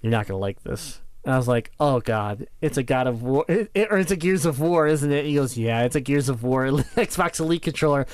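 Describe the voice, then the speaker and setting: A man co-hosting a casual chat about video games, rambling and acting out his own excited reactions. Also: medium pitch, a little fast, hardly any pauses, smooth, dry recording. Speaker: podcast co-host.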